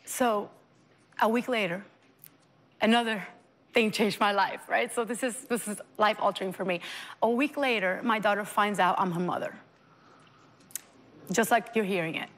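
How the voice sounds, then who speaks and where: A woman guest on an interview show, a mother telling her story in an earnest, animated way and acting out the dialogue. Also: medium pitch, moderate pace, long pauses, big-room sound. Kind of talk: emotional personal storytelling.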